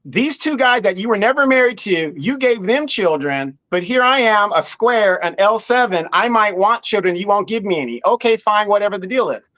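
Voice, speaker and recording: High-voiced man on muffled remote audio. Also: expressive, moderate pace, hardly any pauses, bright, forceful tone. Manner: repeats words when starting a point, firm and opinionated. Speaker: guest commentator. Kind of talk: live online discussion.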